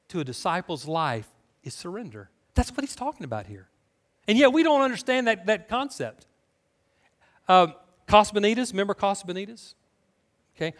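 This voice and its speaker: Rhetorical questions fill this animated, chatty sermon from an American pastor. His voice is high-pitched.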